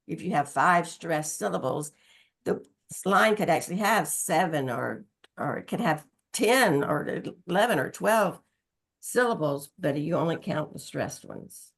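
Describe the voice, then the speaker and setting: A woman who writes children's books, sharing practical writing tips in a calm, steady way on a video call. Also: low voice, a little slow, gravelly. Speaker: guest children's author. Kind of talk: casual group chat on a video call.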